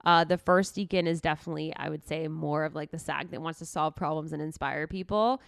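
A woman's voice: low voice, fairly even intonation, fairly quick, gravelly, smooth, no room sound, studio quality. A woman co-hosting a podcast, casually reading out horoscope traits and adding chatty asides. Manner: chatty, reads traits aloud with frequent "like". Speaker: podcast co-host.

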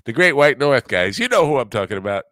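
An older man hosting a podcast in casual, rambling chat, halting often and joking at his own expense. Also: mid-range voice, big pitch swings, fairly bright tone, no echo. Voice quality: rambling, halting, self-deprecating. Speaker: podcast host.

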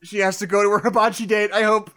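A young man hosting a casual film review podcast, animated and laughing, swearing freely. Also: high-pitched, fast talker. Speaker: podcast host.

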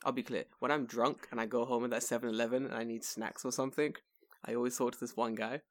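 A man's voice: medium pitch, quick pace. A young man in casual chat, telling stories with lots of swearing and acting out other people's voices. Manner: animated, profane, acts out voices.

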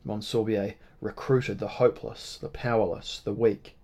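A man narrating a novel in a measured, dramatic reading style. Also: fairly low pitch, flat delivery, mellow, breathy edge. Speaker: audiobook narrator. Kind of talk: scripted narration.

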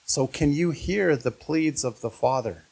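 A man's voice: on the high side, measured pace, gravelly, darkish tone, slightly rough. A man preaching a sermon as pastor, earnest and often putting questions to his listeners.

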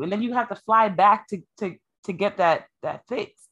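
A woman's voice: medium pitch, animated, a little slow, bright, forceful tone, husky, highs cut off. A woman co-hosting a podcast, talking bluntly and jokingly in casual chat. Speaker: podcast co-host.

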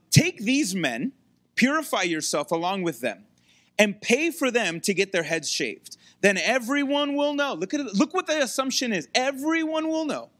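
A young man teaching an online Bible study as a pastor, casual and animated, acting out the quoted characters. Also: high-pitched.

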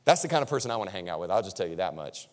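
A man's voice: deep voice, big pitch swings, rapid-fire. A male pastor preaching a sermon in a conversational, emphatic way, repeating key lines for stress. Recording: long reverb of a large hall.

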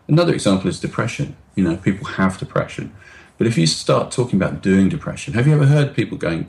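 A middle-aged man with a very low, deep voice speaks as a guest expert on a video call. He explains things patiently and demonstratively, deliberately slowing his speech to make a point. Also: sing-song, vocal fry, darkish tone. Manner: demonstrative, acts out anxious voices and slows down on purpose. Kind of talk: explanatory interview talk.

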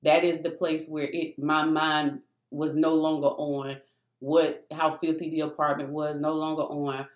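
With a low voice and a measured pace, a woman recounts a personal testimony of her faith. Echo fills the room as she speaks in a casual, animated, emphatic storytelling style, often turning to her listeners with "y'all."

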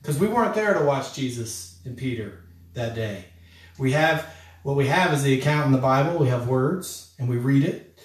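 A man's voice: mid-range voice, lively intonation, normal speed. A man preaching a sermon as a pastor, talking in an earnest, conversational way and addressing listeners as friends. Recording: echoey room, voice from a distance.

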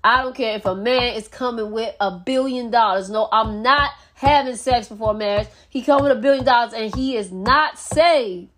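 Woman on her singles podcast going through bible verses, kinda high voice, earnest and preachy, says stuff twice. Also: moderate pace, hardly any pauses, fairly bright tone. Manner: earnest, preachy, repeats phrases for emphasis. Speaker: podcast host. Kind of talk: casual Bible teaching.

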